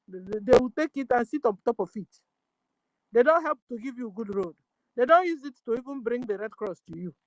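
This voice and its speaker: A woman's voice: a little high, dry recording, poor audio. Nigerian lady preaching hard on a call-in, lots of "you understand?" questions, dry close sound. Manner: preaching, rhetorical questions, repeats phrases, mixes in Igbo. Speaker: guest speaker. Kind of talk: impassioned call-in discussion.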